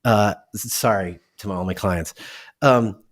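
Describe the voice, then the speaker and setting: A man's voice: fairly low pitch, measured pace. A man guest in a conversational interview, explaining animatedly and acting out short exchanges. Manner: animated, acts out dialogues. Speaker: guest, keynote speaker and author.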